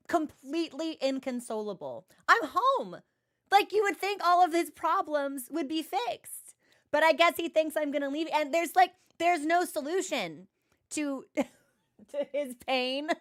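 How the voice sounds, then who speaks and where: A woman streamer in casual chat, animated and chatty, with frequent filler words. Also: a little high.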